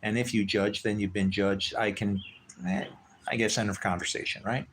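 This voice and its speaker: A man's voice: fairly low pitch, steady tone, normal speed, a bit bright, slight background noise. A man livestreaming, ranting in a heated, preachy way with lots of profanity. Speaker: livestream host. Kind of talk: livestream rant.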